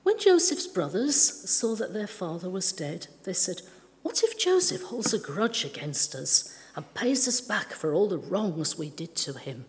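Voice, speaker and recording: A woman reading a Bible passage aloud in a calm, careful way during a church service. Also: fairly low pitch, measured pace, slight background noise. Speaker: scripture reader. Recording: long reverb of a large church.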